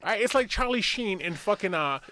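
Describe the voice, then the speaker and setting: Loud joking podcast guy reading emails, voice bounces all over, kinda high, dry sound. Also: expressive, brisk, smooth, no echo. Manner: loose, profane, joking. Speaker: podcast co-host. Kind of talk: casual podcast chat, reading listener emails.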